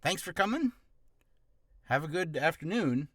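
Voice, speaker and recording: A man's voice: on the high side, expressive, a little slow, a bit bright, dry recording, clean studio sound. A man talking casually in a vlog about reading practice, rambling and poking fun at himself. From Canada. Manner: chatty, rambling, self-mocking. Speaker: voice actor vlogger.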